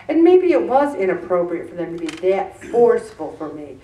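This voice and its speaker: A woman's voice: medium pitch, animated, a little fast, few pauses, warm tone, distant mic. An earnest woman gives a conversational, faith-based self-help talk and often restarts her sentences. She sits some way back from the mic. Her voice carries a roomy echo. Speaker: host.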